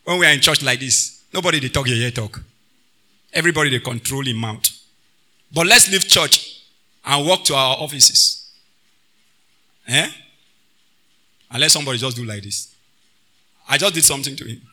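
A man preaching a sermon, swinging between loud bursts and quiet asides and slipping into pidgin phrases. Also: mid-range voice, animated, normal speed, pauses often.

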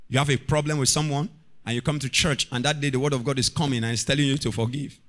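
A man preaching a sermon as a pastor, calling out to the congregation and rising into shouts. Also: medium pitch, fairly even intonation, fast.

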